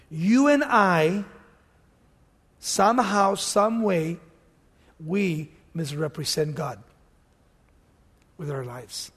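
High-voiced preacher in a reverberant hall. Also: male voice, slightly rough. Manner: dramatic storytelling, acts out dialogue, swings from loud to hushed. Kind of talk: sermon.

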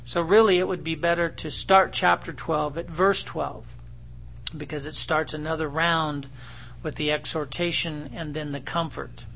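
A middle-aged male pastor preaching verse by verse. His voice sits high and carries a gravelly edge, and he reads the scripture with rising, pleading emphasis. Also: steady tone, moderate pace, a bit bright, slight background noise. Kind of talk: expository sermon.

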